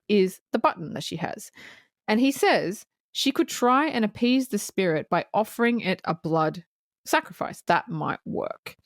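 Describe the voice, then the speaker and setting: A woman co-hosting a casual movie review podcast, cursing freely, laughing often and acting out scenes in quick voices. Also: mid-range voice, dry recording, clean studio sound. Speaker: podcast co-host.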